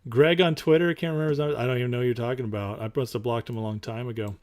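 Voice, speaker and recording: A man's voice: mid-range voice, steady tone, very fast. Male livestream host, casual chat, emphatic and rambling, answers viewer comments. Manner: rambling and emphatic, with fillers and restarts.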